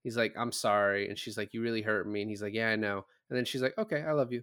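A man's voice: fairly low pitch, fairly even intonation, quick pace, fairly bright tone, clean tone. Casual podcast guy retelling a film. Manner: retells scenes with quoted lines, lots of "like" and "um"; swears casually. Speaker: podcast co-host. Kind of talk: casual chat.

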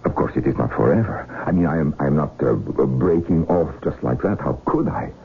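An actor in a 1970s radio drama playing an earnest foreign-born male doctor who speaks haltingly and formally, without contractions. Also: rumbling low, expressive, faint music behind. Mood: troubled. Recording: tinny narrow broadcast with faint hiss.

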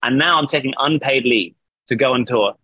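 A man's voice: medium pitch, a little fast, slightly rough, no room sound, muffled recording. A man telling a long, rambling story in a casual interview over a video call, laughing often and swearing. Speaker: band vocalist, guest.

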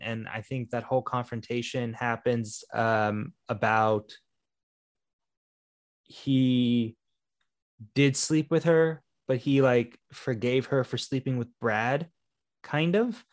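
A man's voice: medium pitch, slow pace, no echo. Rambling man chatting about a film. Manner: rambling, filler-heavy, laughs along. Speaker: podcast co-host. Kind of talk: casual movie review chat.

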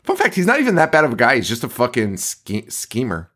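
A man's voice: mid-range voice, wildly swooping pitch, fast, fairly bright tone. Profane laughing man chatting a movie. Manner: profane, laughing, acts out quotes. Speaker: podcast co-host. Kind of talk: casual chat reviewing a movie.

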